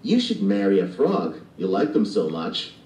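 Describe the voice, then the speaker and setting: A man's voice: low voice, huge pitch swings, normal speed, darkish tone. A man voicing a teasing schoolkid friend in a recorded storybook reading. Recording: distant and echoey playback.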